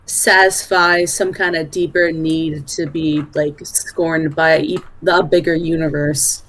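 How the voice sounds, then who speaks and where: A woman's voice: low-pitched, little pitch movement, slow, a bit bright. A woman playing a tabletop game, thoughtfully speaking about her character in third person. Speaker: player. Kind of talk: casual tabletop play.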